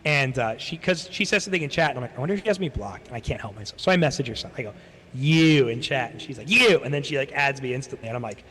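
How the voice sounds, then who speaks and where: A man's voice: mid-range voice, lively intonation, racing, hardly any pauses, fairly bright tone, slightly rough. A man streaming and telling a long casual story, swearing freely and acting out the people he quotes. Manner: rambling, swears a lot, acts out quoted people. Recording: long hall reverb.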